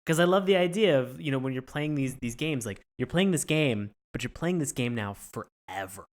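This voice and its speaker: A man co-hosting a casual podcast, talking excitedly and stumbling through restarts. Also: medium pitch, moderate pace. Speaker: podcast co-host.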